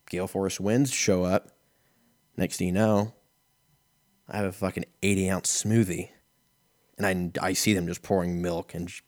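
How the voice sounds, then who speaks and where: A man's voice: sits low, no echo, clean studio sound. A man in his thirties hosting a podcast, telling rambling, profane, self-mocking comic stories in a casual way. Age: 30s. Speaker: podcast host. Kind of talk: casual comedic storytelling.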